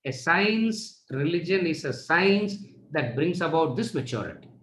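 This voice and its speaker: Guy teaching a class, keeps asking questions and answering himself, slightly high voice, echoey room. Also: very animated, unhurried, a bit bright. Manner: repeats rhetorical questions and answers them. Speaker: spiritual teacher. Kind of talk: lecture to students.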